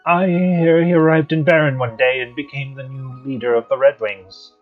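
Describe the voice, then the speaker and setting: A man's voice: mid-range voice, steady tone, normal speed, natural voice. A man reading the lines of a timid, grieving young prince from a game. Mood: sad. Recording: dull lo-fi stream audio, faint guitar music.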